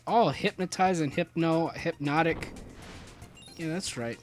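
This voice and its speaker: A young man talks his way through a video game in a loose, rambling commentary, stumbling over his words and breaking into jokes. His voice sits somewhat high for a man. Faint game music plays underneath him. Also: normal speed. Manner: rambling, joking, many restarts and fillers; jumps to high excited yelps. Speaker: let's play commentator.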